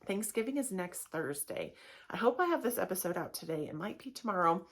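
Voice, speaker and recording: A woman in her thirties hosting a casual solo podcast, talking in a chatty, candid way and often acting out quick voices. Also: fairly low pitch, big pitch swings. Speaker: podcast host.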